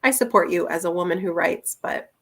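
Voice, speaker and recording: A woman's voice: lowish voice, a little fast, vocal fry, a bit bright. A young woman chatting casually through a book review, rambling with plenty of fillers and little laughs.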